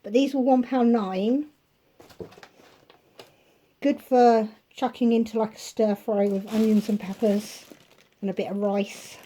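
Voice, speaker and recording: A woman with a slightly high but mellow, warm voice talks through a grocery haul in her home kitchen. She chats casually and keeps wandering into asides. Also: steady tone, measured pace, pauses often, slight background noise. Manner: rambling, with chatty asides. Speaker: vlogger showing a grocery haul. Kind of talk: casual chatty haul video.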